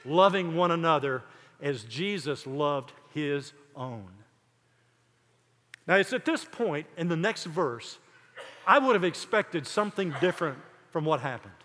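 Bright-voiced older preacher in a hall. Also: male voice, a little high, expressive. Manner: emphatic, builds word lists with dramatic pauses. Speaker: pastor. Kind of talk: sermon.

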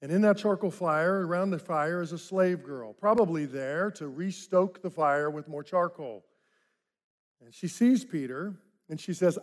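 Man preaching a dramatic, storytelling sermon. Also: measured pace. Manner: dramatic storytelling, acting out quoted voices; drops to soft, low tones for reflective points. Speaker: pastor.

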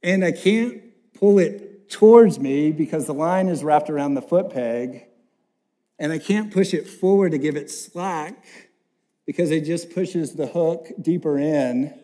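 A young man preaching a sermon, telling a funny personal story in an animated, self-deprecating way, swinging from loud to hushed. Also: a little high, unhurried. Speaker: pastor.

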